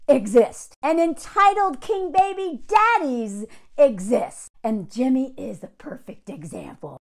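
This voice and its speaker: Young southern woman going off on a rant, high voice, swings all over, snarky. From Southern United States. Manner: blunt, sarcastic, animated. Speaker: video creator. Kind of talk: ranting commentary.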